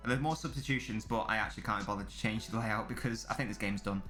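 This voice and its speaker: Young man, a streamer hosting a football watchalong, talks in a bright, forceful voice, chatty and rambling as he answers viewers. Faint music plays underneath. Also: lowish voice, fast talker. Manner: chatty, rambling, laughs at his own jokes. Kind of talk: casual live-stream commentary, reading and answering chat.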